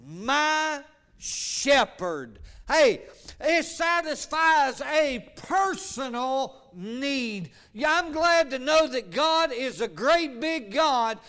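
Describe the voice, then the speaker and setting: A man's voice: very high-pitched, a bit bright. A man preaching a sermon, emphatic and drawn out, asking his congregation rhetorical questions. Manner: emphatic, asks the congregation rhetorical questions, stretches key words.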